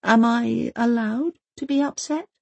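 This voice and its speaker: A stubborn, inquisitive young girl, as an audiobook narrator puts her on, pressing her questions with pointed persistence. The voice sits higher than the narrator's own and has a husky edge, recorded close and dry. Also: measured pace, no echo. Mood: probing. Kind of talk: audiobook character voice.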